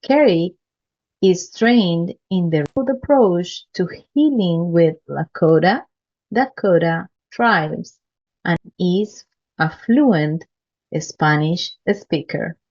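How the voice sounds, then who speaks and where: Woman podcast host, earnest, unhurried delivery, muffled lo-fi sound. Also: fairly low pitch, animated, a little mellow. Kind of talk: interview, formal introductions.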